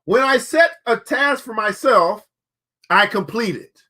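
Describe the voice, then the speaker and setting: A man's voice: sits high, animated, a little slow, pushed and bright. A man hosting a show, giving motivational commentary between book readings, preachy and repeating key phrases for emphasis. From United States. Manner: colloquial, addresses listeners directly. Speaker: show host.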